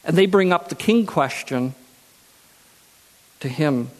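A man's voice: on the high side, lively intonation, slow pace, long reverb tail. A man preaching a sermon who reads scripture aloud and then repeats key phrases for emphasis.

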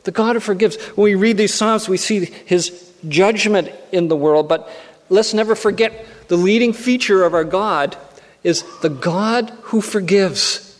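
A man preaching in an earnest way, pressing his point by repeating key phrases. His voice sits fairly high for a man. The sound rings with the long reverb of a church hall. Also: measured pace. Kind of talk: sermon.

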